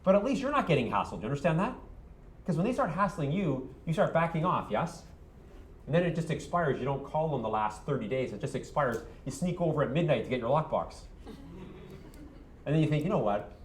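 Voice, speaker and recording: A man's voice: on the high side, expressive, brisk, echoey room, a little hiss or hum. A man coaching a room of real estate agents, punchy and quizzing them with "yes or no?".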